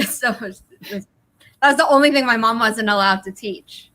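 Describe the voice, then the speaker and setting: A woman's voice: a little high, fairly quick. A woman from the United States hosting a casual chat, telling rambling stories. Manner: rambling, animated storyteller. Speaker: host.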